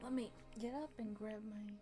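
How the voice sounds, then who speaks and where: A woman's voice: medium pitch, moderate pace, mellow, faint music behind. A woman hosting a casual read-along stream, playful and giggly. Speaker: let's-read channel host.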